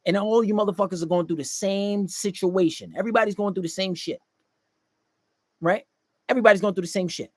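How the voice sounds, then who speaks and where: Blunt, profane high-voiced man. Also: a little fast, dry recording. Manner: blunt, swearing, mocking voices in quotes. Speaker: dating advice podcaster. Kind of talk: profane monologue to male listeners.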